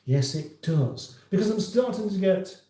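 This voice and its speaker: Broadcasting casually from a home kitchen, a fifty-something man from England reads viewer comments aloud with wry, meandering banter and plenty of restarts. His British English voice sits high and dark-toned, a little slow with lively intonation, and the sound is roomy.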